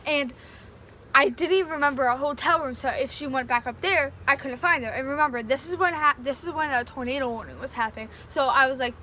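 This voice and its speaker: A young woman vlogger with a high, bright, ringing voice tells a casual storytime. She rambles and piles fillers into every sentence as the story tumbles out. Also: brisk, a little hiss or hum. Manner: rambling, filler-heavy retelling with many "like"s.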